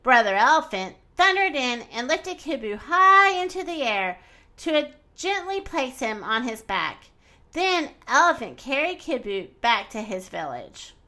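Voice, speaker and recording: Woman reading children's story, high bright voice, unhurried. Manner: expressive, animated read-aloud.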